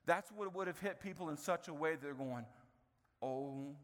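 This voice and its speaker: A man preaching a sermon as pastor, animated, with playful asides and sudden swings between loud and quiet. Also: a little high, long reverb tail. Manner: animated, playful asides, quick shifts in volume.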